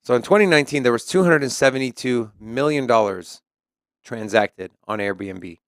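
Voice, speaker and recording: A man co-hosts a crypto news stream, reading articles aloud and adding his own commentary. His voice is smooth and resonant. The sound is dry and close, with no room echo. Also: mid-range voice, moderate pace. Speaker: co-host. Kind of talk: casual crypto news chat.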